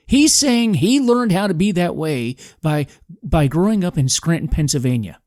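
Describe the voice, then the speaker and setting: A man in a combative, preachy political monologue, hammering his points home with emphasis. His voice sits a bit high for a man, and it is recorded dry and close with no room sound. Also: expressive, moderate pace, a little mellow, no echo. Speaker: podcast host.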